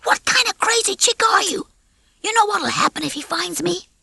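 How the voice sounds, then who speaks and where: A woman voicing a brash, cocky male rooster on the run, fast-talking and wisecracking. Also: very high voice, expressive, gravelly, sharp tone, no room sound, studio quality, voice pushed up, exaggerated voice. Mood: nervous.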